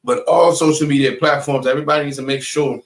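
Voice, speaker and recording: A man's voice: fairly high pitch, fairly even intonation, fast, vocal fry. A man leading a live online class, speaking emphatically, repeating his points and checking in with listeners with "right?". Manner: addresses chat viewers directly. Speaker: class instructor.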